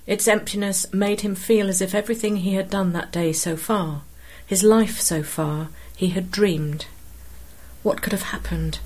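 A woman narrating a literary story in a measured, expressive reading. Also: mid-range voice.

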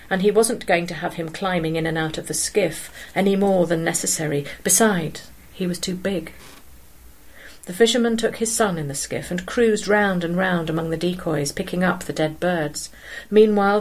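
A woman narrating a story aloud in a steady, measured way. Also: fairly low pitch, low-quality recording.

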